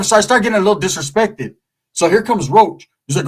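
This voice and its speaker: A man from California's Central Valley telling a profane comedic story, animated and constantly asking "right?". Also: high voice, brisk.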